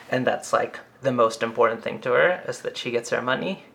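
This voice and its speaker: A man's voice: normal speed, creaky. A man in a casual film discussion, talking with fillers and acting out scenes he describes. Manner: animated, acts out quoted lines with big pitch jumps.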